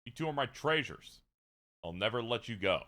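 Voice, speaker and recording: A man voicing a gentle, devoted male professor who dotes on his wife and baby daughter. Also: mid-range voice, lively intonation, normal speed. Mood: doting. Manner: doting, tender.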